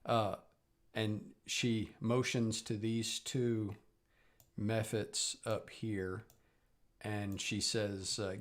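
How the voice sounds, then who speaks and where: A man's voice: fairly low pitch, flat delivery, drawn-out words. A man narrating as game master of a tabletop game, hesitant, with many fillers.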